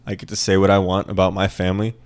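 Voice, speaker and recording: Guy ranting on his podcast, swears a lot, keeps repeating himself, lowish voice. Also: completely flat delivery, fast. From American South. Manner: profane, rambling, repeats lines for emphasis. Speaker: podcast host. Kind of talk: casual solo podcast rant.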